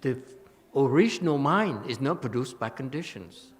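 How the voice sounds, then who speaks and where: A man with a Vietnamese-accented English giving a Buddhist retreat lecture, halting and repeating words, often checking with "okay?". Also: mid-range voice, expressive. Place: temple hall. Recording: long reverb of a hall.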